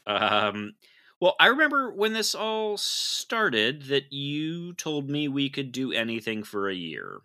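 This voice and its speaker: Wry, very bright-voiced man reading questions. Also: mid-range voice, big pitch swings, takes it slowly. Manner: wry, laughing, dry one-line answers. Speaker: podcast co-host reading listener questions. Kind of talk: casual sports podcast chat.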